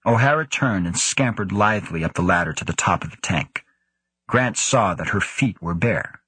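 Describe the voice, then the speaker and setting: A man with a husky voice reading a story in a steady, measured way. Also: sits low, no echo. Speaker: audiobook narrator. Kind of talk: scripted narration.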